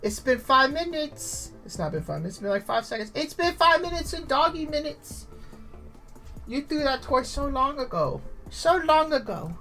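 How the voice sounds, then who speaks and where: A man's voice: extremely high pitch, big pitch swings, moderate pace, bright, forceful tone, faint music behind, exaggerated voice. A man voicing a needy, dramatic female pet dog that whines, pleads and guilt-trips. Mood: pleading. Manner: whiny, pleading and guilt-tripping.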